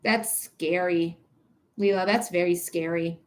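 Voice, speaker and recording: A woman's voice: lowish voice, fairly even intonation, takes it slowly. A young adult woman reading tarot on a livestream, ranting emphatically with repetition and swearing, then thanking viewers. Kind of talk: casual livestream chat.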